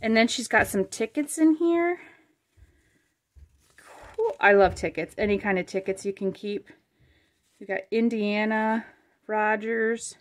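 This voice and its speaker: A woman hosting a casual crafting vlog, unboxing supplies with chatty, gushing excitement and frequent fillers. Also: medium pitch, unhurried, long pauses. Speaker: craft channel host.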